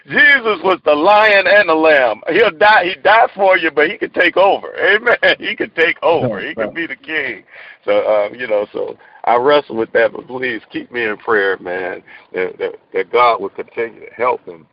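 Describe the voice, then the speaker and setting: A man's voice: a little high, lively intonation, normal speed. A tired man hosting a call-in prayer line. He laughs often and keeps saying amen between phrases. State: tired from lack of sleep. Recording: muffled phone call audio.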